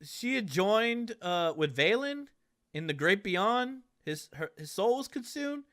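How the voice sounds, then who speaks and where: A man's voice: sits high, big pitch swings, fairly bright tone, voice pushed up, full character voice. A man doing a stammering nervous young son. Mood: hesitant. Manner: halting, stammering.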